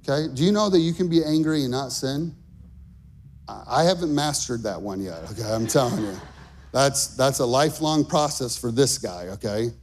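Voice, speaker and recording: A middle-aged male pastor delivering an impassioned sermon, building to emphatic shouts. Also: medium pitch.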